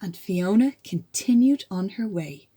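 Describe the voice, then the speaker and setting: A woman, a teacher, reading a children's storybook aloud with gasps and hushed asides. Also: medium pitch, measured pace, husky. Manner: animated, with stage gasps and whispers.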